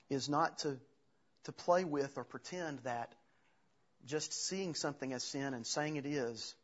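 A man preaching a sermon as pastor, earnest and halting, often restarting his phrases. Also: medium pitch, a bit bright, slightly rough. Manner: earnest, halting with restarts, retells scripture with acted quotes. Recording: dull lo-fi sound.

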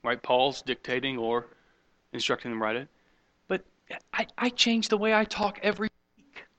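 Bright-voiced man preaching a sermon. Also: mid-range voice, big pitch swings, normal speed. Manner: swings from loud emphatic points to quiet, hushed asides; conversational, mocking skeptics in quoted voices. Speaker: pastor.

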